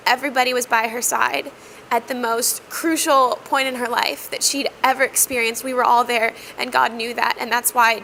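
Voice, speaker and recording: A woman sharing a personal testimony in an earnest, reflective way, with frequent pauses and fillers. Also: fairly high pitch, sharp tone, a little hiss or hum, low-quality recording. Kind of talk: heartfelt personal storytelling.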